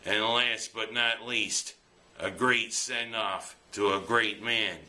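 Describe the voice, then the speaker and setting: A man delivers his weekly commentary at an unhurried, deliberate pace. His voice is bright and forward, and his delivery is plainspoken and earnest. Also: on the low side, steady tone. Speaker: local sports and opinion commentator.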